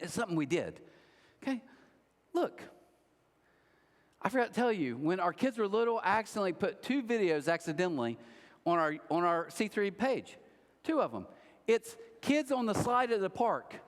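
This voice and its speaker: A man's voice: high-pitched, long reverb tail. A man preaching a sermon as pastor, telling a story in a joking, self-mocking way. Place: large church auditorium.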